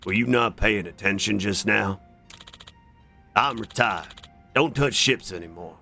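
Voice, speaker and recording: An actor playing a stubborn older male shipwright in a video game, gravelly and challenging, with game music behind. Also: lowish voice, measured pace, pushed and bright, heavily acted. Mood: gruff. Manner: tough, challenging, dry. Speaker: retired shipwright.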